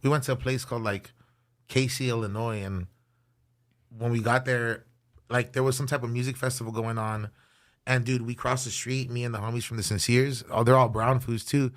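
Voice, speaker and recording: A man in his thirties from California, a guest musician telling road stories in a relaxed, slangy podcast chat and dropping in Spanish words. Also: mid-range voice, normal speed. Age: 30s. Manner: animated storyteller, slangy, mixes in Spanish words.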